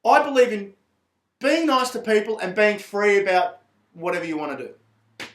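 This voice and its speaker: A man's voice: high voice, moderate pace, fairly bright tone, roomy sound. A man, talking to camera in a profane, rambling and heated monologue. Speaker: vlogger.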